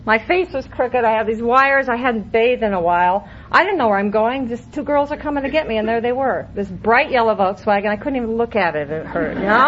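A woman's voice: on the high side, moderate pace, some chatter behind. A middle-aged woman speaks candidly at a recovery meeting, wry and easy, telling her story with bursts of laughter. The recording is muffled and lo-fi, with a faint hiss beneath her voice.

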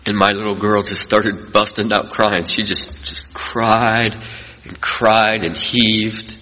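A middle-aged man giving an earnest personal recovery talk to an audience, telling stories and dropping between loud and quiet. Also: lowish voice, flat delivery, slow pace. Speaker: recovery speaker. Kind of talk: personal testimony speech to an audience. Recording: long reverb from a large hall.

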